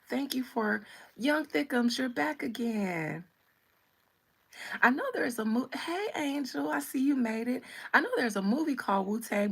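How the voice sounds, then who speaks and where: A woman hosts a casual live stream as a tarot reader, answering her chat with sassy, teasing banter. Her voice has a gravelly edge and a husky, breathy texture. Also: a little high, a bit bright. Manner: sassy and playful, teasing viewers.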